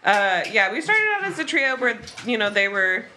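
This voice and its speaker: A woman from Oklahoma, a bakery co-owner and pastry baker, chatting as a podcast guest in a relaxed, self-deprecating way with plenty of ums. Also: fairly high pitch, moderate pace, a little hiss or hum. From Oklahoma, USA. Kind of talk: casual chat.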